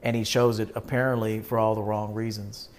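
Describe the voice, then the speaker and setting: A man hosting a video show, talking briskly and conversationally as he gives blunt advice to men. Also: on the low side, flat delivery, a little hiss or hum. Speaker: host. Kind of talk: casual video commentary.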